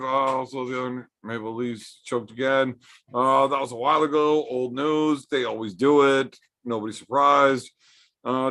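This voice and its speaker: A man's voice: mid-range voice, pushed and bright. A man hosting a casual livestream from home, bantering with chat in a joking, profane way. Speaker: livestream host.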